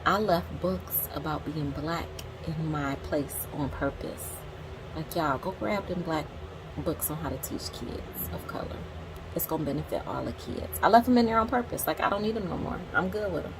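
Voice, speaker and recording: Forties woman on her vlog, lowish voice, reading quotes n chatting super candid to viewers. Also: normal speed, noisy background. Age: 40s. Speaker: teacher and book vlogger.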